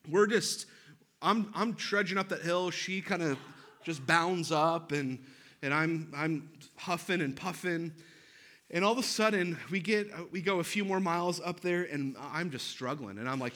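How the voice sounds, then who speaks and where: Bright-toned animated male preacher. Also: a little high. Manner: animated, self-deprecating humor. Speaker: pastor. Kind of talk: sermon with personal storytelling.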